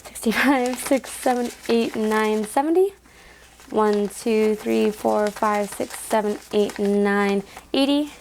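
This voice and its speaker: A woman's voice: mid-range voice, takes it slowly, a little mellow, a little hiss or hum. A young woman vlogging casually to her phone camera indoors, chatting with lots of "like" fillers and counting cash aloud.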